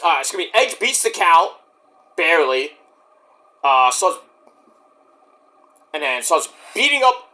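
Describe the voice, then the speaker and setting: A man's voice: sits high, pushed and bright. A man giving a casual, rambling spoken recap as a show reviewer, often correcting himself and acting out what others said. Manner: rambling with self-corrections, acts out quotes. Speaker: wrestling reviewer.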